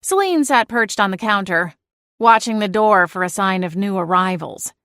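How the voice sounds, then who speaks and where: A woman narrating a cozy audiobook in the first person, lively and expressive. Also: medium pitch, normal speed, no room sound, clean studio sound.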